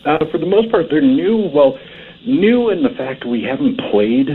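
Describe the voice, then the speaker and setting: A man calling in as a paranormal investigator, explaining things in a measured way during a casual on-air conversation. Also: a little high, sing-song. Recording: tinny phone line with faint hiss.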